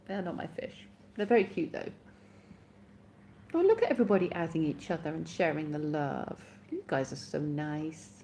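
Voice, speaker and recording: A woman's voice: sits low, animated, normal speed, mellow, a little hiss or hum. Sleepy, giggly woman chatting live. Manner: chatty, giggly, self-mocking. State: sleepy, yawning. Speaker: live stream host. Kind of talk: casual chat with live viewers.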